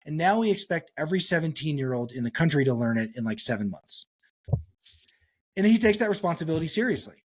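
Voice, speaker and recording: A male psychologist answering interview questions on a podcast, telling stories and acting out quotes with sudden pitch jumps. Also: fast talker. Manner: animated storytelling, acts out quotes with pitch jumps. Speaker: psychologist guest.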